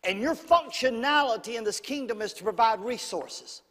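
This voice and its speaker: God as a patient divine father, insistent and coaxing, in a high voice that rings through a hall with a long echo, put on by a man preaching. The commands come firm and repeated, gently pressing. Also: animated, normal speed, heavily acted. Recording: long church reverb.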